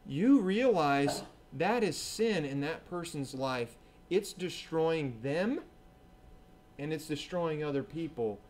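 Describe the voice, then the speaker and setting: Higher-voiced man preaching a sermon. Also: lively intonation, slow pace, darkish tone. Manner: conversational preaching, acts out quoted voices, asks "right?". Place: church.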